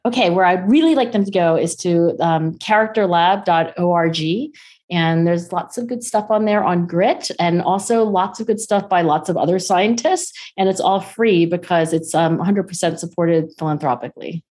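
A middle-aged woman talking as a podcast guest in a casual, animated way, with frequent laughs and fillers. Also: lowish voice, moderate pace. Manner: animated, chatty, laughs often, lots of fillers. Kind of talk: casual interview conversation.

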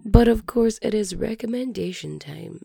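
A woman hosting a podcast, telling a story casually with lots of fillers, her voice gravelly from being sick. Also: mid-range voice, moderate pace, warm tone, dry recording, clean studio sound. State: sick, hoarse. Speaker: podcast host.

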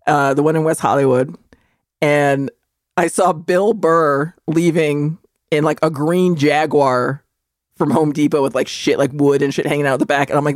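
A woman's voice: low voice, steady tone, a little slow, no echo, studio quality. Rambling, profane woman podcast co-host. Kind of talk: casual chat.

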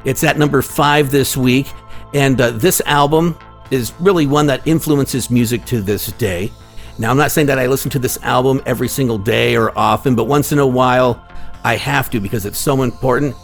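Male co-host, mid-pitched, easygoing and chatty, faint music bed. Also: a little fast. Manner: relaxed, chatty, with fillers and trivia. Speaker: podcast co-host. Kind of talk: casual music podcast chat.

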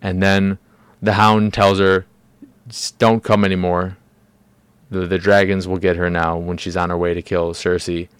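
Guy ranting on his podcast, lots of swearing, kinda low voice, super dry close mic. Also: level tone, unhurried, clear, resonant tone, no room sound. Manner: profane, exasperated ranting with mocking put-on quotes. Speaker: podcast host. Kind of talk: solo podcast rant.

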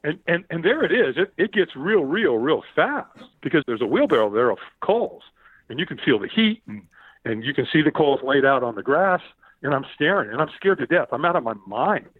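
Male guest, animated storyteller with a lively, swinging pitch, recorded over a dry, tinny phone-like line. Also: a little fast, slightly rough, no echo. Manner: lively, acts out quoted shouts, repeats words. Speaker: podcast guest.

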